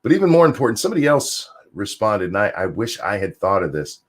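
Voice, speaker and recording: A man with a lowish voice that swings widely as he rants. He reads out viewer comments and answers them with sarcasm and profanity in casual stream commentary. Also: very animated, fast talker. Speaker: streamer host.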